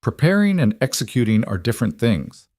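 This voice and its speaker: A man's voice: medium pitch, big pitch swings, fairly quick, darkish tone, dry recording, studio quality. A man voicing a fierce, protective male crime boss in a storybook reading. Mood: intense, tender. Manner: intense, protective.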